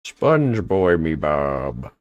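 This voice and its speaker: A man's voice: rumbling low, very animated, very slow, no echo, muffled recording, heavily acted. A man impersonating Mr. Krabs, a growly pirate crab. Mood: piratey. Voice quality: growly pirate "arr" mannerism. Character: gruff old male crab sea captain.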